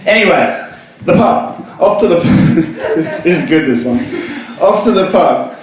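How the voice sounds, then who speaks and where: A man's voice: fairly high pitch, animated, slow. A young man giving a crude, self-mocking comic reading of his own piece in a pub. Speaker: comic reader at a book launch. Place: pub function room, live audience. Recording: echoey pub room.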